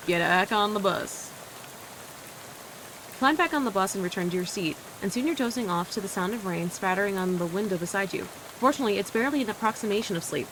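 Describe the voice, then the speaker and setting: A woman streamer reading a game's narration aloud in a mid-pitched, everyday voice. She moves briskly through the text and drops in casual asides as she plays. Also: fairly bright tone, slight background noise.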